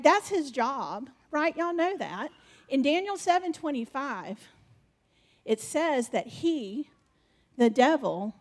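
Slow, chatty woman preacher. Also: sits high. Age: adult mother. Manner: chatty, laughing asides to the audience. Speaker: preacher sharing a vision. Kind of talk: conversational sermon.

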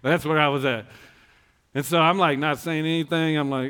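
A man's voice: fairly high pitch, steady tone, brisk, a bit bright, smooth. A man giving a personal testimony sermon, telling his story in rambling, self-interrupting phrases and earnestly urging his listeners. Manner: earnest, exhorting the congregation. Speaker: church speaker.

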